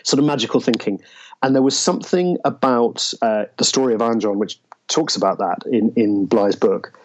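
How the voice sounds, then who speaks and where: A man, an interview guest, telling a personal story in a reflective, halting way with frequent restarts. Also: medium pitch, muffled recording. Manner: halting, searching for words, many restarts.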